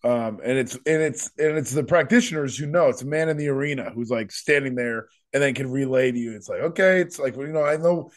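A man's voice: medium pitch, a little fast, hardly any pauses. A man hosting a podcast, rambling emphatically and repeating himself in casual chat. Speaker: podcast host.

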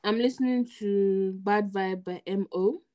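A young Nigerian woman co-hosting a casual podcast chat, telling stories in a relaxed way with pidgin words mixed in. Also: medium pitch, measured pace. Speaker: podcast co-host.

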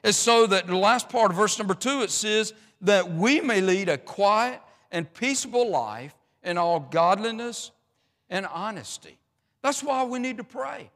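High-voiced preacher in an echoey church. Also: male voice, expressive, measured pace, a bit bright. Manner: folksy, rambling, many restarts and fillers. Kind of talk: sermon.

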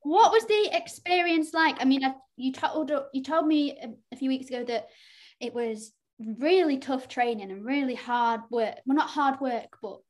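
A woman hosts an interview in a casual way. Her voice is high, and she sounds amused and a bit hesitant as she asks her questions. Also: moderate pace. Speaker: host, interviewer.

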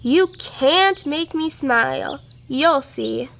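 A woman voicing a sad, grumpy, very old great-grandfather in a storybook read-aloud, grumbling slowly. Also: high-pitched, animated, vocal fry, a bit bright, slight background noise, exaggerated voice. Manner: slow, grumbling.

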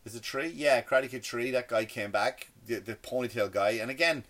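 A man's voice: medium pitch, a little fast, a bit bright. Rambling, stammering man in a sarcastic rant. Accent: non-American English. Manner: rambling, stammers and restarts often; sarcastic, mocking. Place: indoors, seated in a chair.

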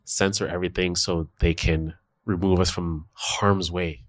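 A man co-hosting a podcast, chatting casually and acting out what other people say in exaggerated voices. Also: unhurried. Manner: animated, acts out quotes in high voices. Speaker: podcast co-host. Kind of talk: casual chat.

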